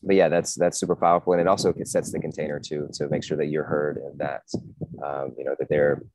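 Very deep-voiced, fast-talking man. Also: flat delivery, darkish tone, dry recording. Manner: affirming, thoughtful, with frequent fillers. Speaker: podcast host. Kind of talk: casual podcast conversation.

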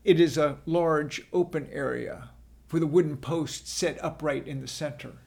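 A man narrating a dramatic scripture retelling as the apostle Peter, in a deliberate, solemn way. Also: fairly high pitch, fairly even intonation, creaky, a little mellow.

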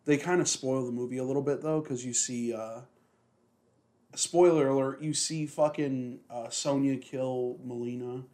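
A man of middle pitch chats loosely on a podcast, full of fillers and swearing. His talk wanders as he goes. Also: steady tone, normal speed, mellow. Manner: rambling, heavy swearing, many fillers. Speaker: podcast co-host. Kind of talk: casual chat.

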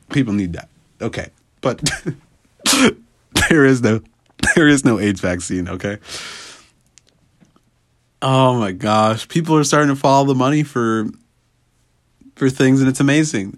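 A man's voice: medium pitch, no echo, studio quality. A man from the United States giving a casual, sarcastic political rant, laughing often and breaking off mid-sentence.

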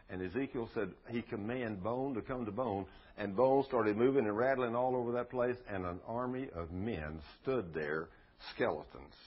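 Folksy preacher guy, husky voice, swings his pitch around a lot. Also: highs cut off. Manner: folksy storytelling, lively, rhetorical questions. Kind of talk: sermon.

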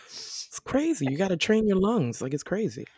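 A woman chatting casually on a podcast, an animated storyteller who acts out her own reactions. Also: mid-range voice, moderate pace, husky. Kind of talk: casual chat.

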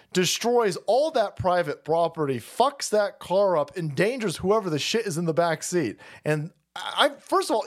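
A man hosting a livestream, giving crude, mocking commentary on a video and laughing often. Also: sits high. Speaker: livestream host.

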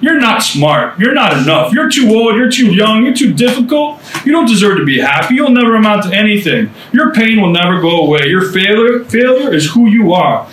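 A jeering, accusing inner voice, put on by a man, pitched well above his own speaking voice. It lands one belittling line after another. The room echoes, and the mic sits some distance away. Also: very animated, fairly quick, few pauses, a bit bright, a little hiss or hum. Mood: taunting. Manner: sneering, hammering out insults. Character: taunting inner voice of a man's old self.

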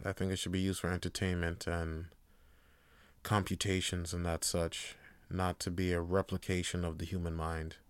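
A man hosting a podcast, talking casually and profanely, swinging from heated rants to quiet musing. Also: sits low, monotone, moderate pace, clean tone, no room sound. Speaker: podcast host. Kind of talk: casual monologue.

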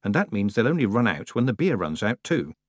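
A man's voice: fairly low pitch, very animated, a little fast, dry recording, studio quality. A man voicing a sensible, earnest young witch girl who speaks patiently.

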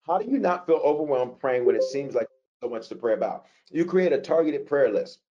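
A man teaching as a pastor, reading out listener questions and answering them in a conversational, animated preaching manner. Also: medium pitch, fairly quick, muffled recording.

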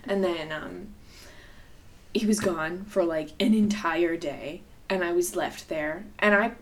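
A young woman co-hosting a podcast tells a personal story at a slow pace in a voice on the low side. Her chat is casual and rambling, candid and profane, and heavy with fillers.

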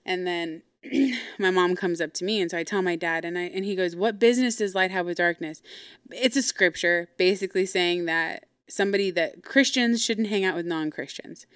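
A woman's voice: lowish voice, normal speed, a bit bright, clear, resonant tone, no room sound, clean studio sound. A woman hosting a podcast and recounting a family confrontation in a blunt, heated, casual way, swearing often and acting out what others said in her own voice. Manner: acts out quoted people in her own voice. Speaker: podcast host. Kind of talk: casual storytelling.

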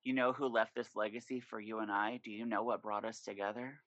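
A man talking as a podcast guest in casual chat, telling stories in an animated, profane way. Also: lowish voice, fairly quick, no room sound, lo-fi sound.

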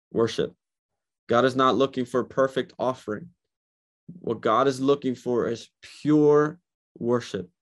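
With a mid-range voice, a male pastor delivers a sermon, repeating phrases, checking in with "right?", and putting God's words into casual, everyday language.

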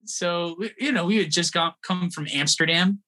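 A man in his thirties tells a tour story as a podcast guest, his voice bright and forward. He talks loosely, restarts often and puts on the voices of people in the story. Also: high voice, moderate pace. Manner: animated, acts out quoted voices, laughs often. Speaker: guest musician. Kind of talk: casual storytelling.

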